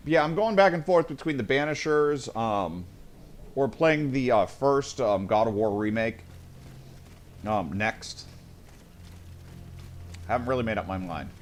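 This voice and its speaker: With a medium-pitched, expressive voice, this man narrates his game at an unhurried pace, pausing often. Between chatting to his audience and muttering under his breath, he curses whenever play goes badly.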